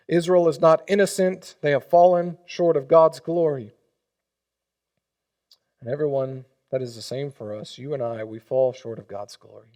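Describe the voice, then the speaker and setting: A man preaching a sermon as pastor, emphatic, swinging between loud and hushed and leading the congregation in call and response. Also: mid-range voice, normal speed.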